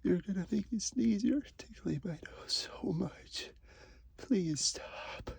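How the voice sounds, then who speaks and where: A man in a whispered role-play, pleading in halting words and breaking into sneezes. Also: high-pitched, creaky, slightly rough, dry recording. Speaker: audio role-play performer.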